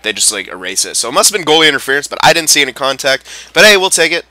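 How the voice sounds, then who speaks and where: Young male gamer, animated and bright, reacting loudly to gameplay. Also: on the high side, racing. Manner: excitable, swears and yells at players. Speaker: gameplay commentator. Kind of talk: live game commentary.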